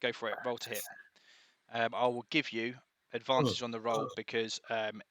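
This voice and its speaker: A man runs a tabletop game from his home in a loose, easygoing way. His voice is bright and forward, and his pitch sits in the middle. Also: moderate pace, no echo. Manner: relaxed, chatty, rambling. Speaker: game master. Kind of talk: casual game narration. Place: home room with pets.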